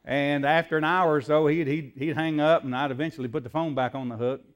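A man's voice: on the high side, fairly even intonation, brisk, highs cut off. A man, a preacher telling a story in a sermon in a folksy way, acting out the dialogue, with frequent fillers.

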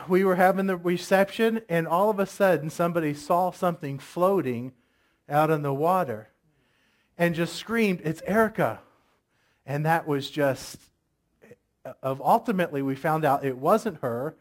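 A middle-aged male pastor with a high-sitting voice gives a sermon, telling stories conversationally and asking the congregation questions.

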